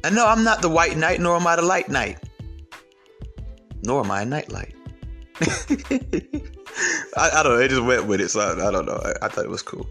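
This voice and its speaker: A man's voice: mid-range voice, lively intonation, normal speed, creaky, long pauses, sharp tone, faint music behind. A young man giving a blunt, confrontational commentary rant, profane and rambling with frequent restarts. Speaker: commentary vlogger. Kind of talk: ranting commentary to camera.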